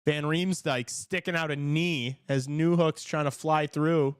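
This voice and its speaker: A man hosting a casual live talk show, reacting to a hockey game with excited outbursts and jokes. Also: a little high, measured pace, few pauses, smooth, dry recording. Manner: excitable, shouts at big plays, joking. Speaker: podcast host watching a hockey game.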